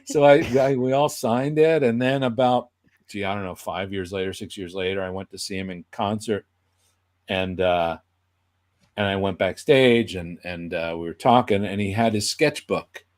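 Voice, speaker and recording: Man telling a story with lively acted-out quotes. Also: fairly low pitch, moderate pace. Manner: animated, acts out quoted voices. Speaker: guest puppeteer. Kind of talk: casual anecdote telling.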